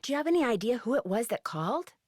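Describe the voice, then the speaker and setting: Nancy Drew, earnest sleuth. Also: female voice, on the high side, sing-song, quick pace, background noise. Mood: curious. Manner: earnest, polite questioning. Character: young woman amateur detective, polite and inquisitive.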